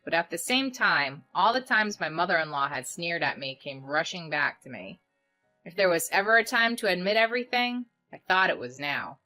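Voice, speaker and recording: A woman narrating a story in the first person with steady recounting. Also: low-pitched.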